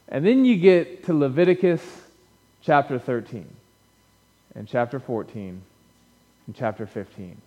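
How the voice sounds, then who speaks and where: A man's voice: fairly high pitch, darkish tone. A man preaching a sermon as pastor, conversational and joking with his congregation in a church sanctuary. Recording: dull lo-fi church recording with long reverb.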